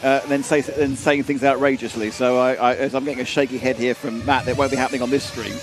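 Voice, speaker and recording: A man's voice: medium pitch, steady tone, quick pace, noisy background. A British man co-hosting a racing live stream, chatty and self-mocking, often laughing. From United Kingdom. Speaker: race stream co-commentator. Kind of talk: casual live-stream chat.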